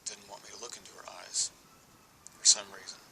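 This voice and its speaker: A man telling a personal recollection in a halting, hesitant way, often sinking into a whisper. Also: lowish voice, flat delivery, sharp tone, slight background noise, poor audio. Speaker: storyteller recounting an alleged encounter.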